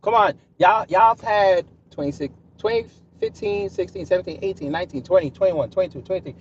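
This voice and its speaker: A man's voice: high voice, a little fast, recorded from a distance, lo-fi sound, slight background noise. A man hosting a casual live stream, talking straight to his chat in a combative, sarcastic way. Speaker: livestream host.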